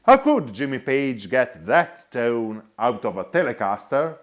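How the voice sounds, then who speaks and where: A man narrates a scripted guitar review voice-over in a measured, explanatory manner. He talks slowly and keeps his pitch moving up and down. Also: sing-song.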